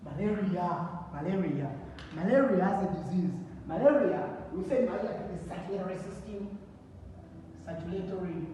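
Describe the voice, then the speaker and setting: High-voiced teacher in an echoey classroom. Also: male voice, dark tone, a little hiss or hum. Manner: call-and-response questions, repeats key words. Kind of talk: classroom lesson. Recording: echoey room from far off.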